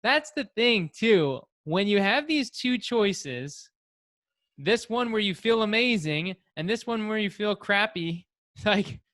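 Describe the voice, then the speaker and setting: A man hosting a podcast interview, enthusiastic and quick to laugh, with lots of "like" in his talk. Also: sits high, lively intonation, fairly bright tone, no echo, studio quality. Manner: enthusiastic, laughs often, fills with "like". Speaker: podcast host.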